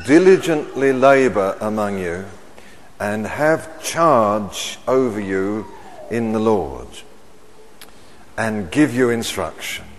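A middle-aged man preaching a sermon, measured and emphatic, repeating his key phrases. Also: mid-range voice. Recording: long hall reverb.

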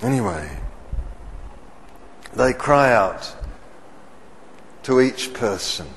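Slow, booming preacher in a reverberant hall. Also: male voice, sing-song, a little hiss or hum. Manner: questions the congregation, swells loud on key words. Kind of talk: sermon.

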